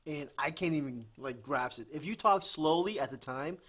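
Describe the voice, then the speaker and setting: A man's voice: a little high, expressive, moderate pace, a bit bright, breathy edge. A man with a Boston accent co-hosting a podcast, rambling in casual chat with many fillers. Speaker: podcast co-host.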